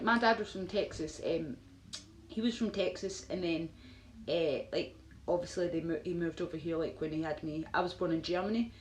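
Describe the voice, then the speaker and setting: A woman's voice: medium pitch, a little mellow. A Glaswegian woman live-streaming, chatting to viewers in a rambling, filler-heavy way with frequent laughs. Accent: Glaswegian Scottish. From Scotland. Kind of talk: casual live-stream chat answering viewers. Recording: roomy echo with faint noise.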